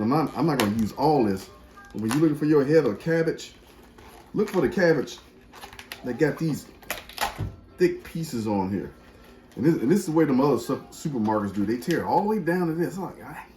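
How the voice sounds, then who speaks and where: A man's voice: medium pitch, mellow. A man hosting a casual cooking demonstration in a kitchen, folksy and chatty, talking straight to his viewers. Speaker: cooking show host.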